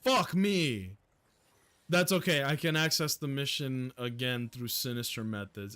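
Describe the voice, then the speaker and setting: Slow-talking profane young man streaming. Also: mid-range voice. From United States. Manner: profane, jokey, loud excited outbursts. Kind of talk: casual gameplay livestream commentary.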